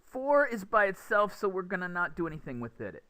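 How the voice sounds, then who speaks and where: A man teaching English pronunciation in a lecture, speaking deliberately and acting out stressed and unstressed words as examples. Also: high voice, big pitch swings, sharp tone. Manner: slow, deliberate, demonstrative stress and pauses. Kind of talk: classroom lecture.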